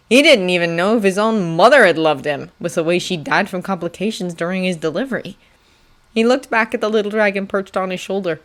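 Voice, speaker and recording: A woman narrating a fanfiction audiobook with a steady, expressive reading. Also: on the low side. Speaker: audiobook reader.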